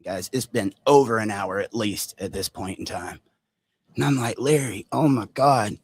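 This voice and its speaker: A man vlogging a story to his viewers, animated and direct, acting out quotes as he goes. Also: fairly low pitch, moderate pace, husky. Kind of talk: storytime vlog.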